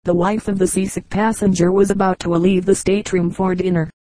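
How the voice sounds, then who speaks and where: A woman reading a book of humorous anecdotes aloud as an audiobook narrator, in a measured, even storytelling delivery. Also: on the low side, no echo, poor audio. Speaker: audiobook reader. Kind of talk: scripted narration.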